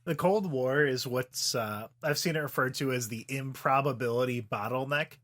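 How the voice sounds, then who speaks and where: A man's voice: mid-range voice, moderate pace, a bit bright. Man making dry sarcastic asides. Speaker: podcast co-host. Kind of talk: casual chat.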